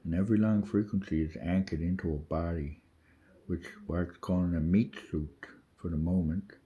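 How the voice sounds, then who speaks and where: A man speaks in a low, husky voice, rambling urgently and swearing often. He circles back on himself and restarts his sentences. The audio is dull and lo-fi. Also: fairly even intonation, normal speed. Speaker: vlogger. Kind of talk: rambling spiritual monologue.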